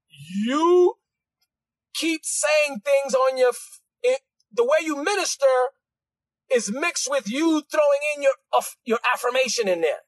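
High-voiced, shouting male preacher. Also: dry recording. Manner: loud, emphatic preaching with shouted lines and quick asides. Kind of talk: sermon.

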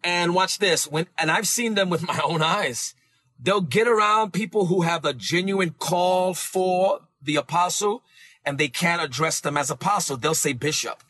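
A man preaching a sermon in a high, lively register, his tone bright and forceful. He presses his points hard and repeats phrases for the crowd to echo back. The sound is close and dry. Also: normal speed.

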